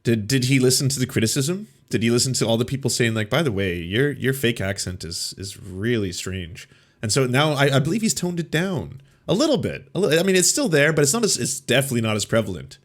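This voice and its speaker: A man's voice: medium pitch, sing-song, fast, few pauses. A man hosting a political commentary show, reacting to clips with mocking, sarcastic asides.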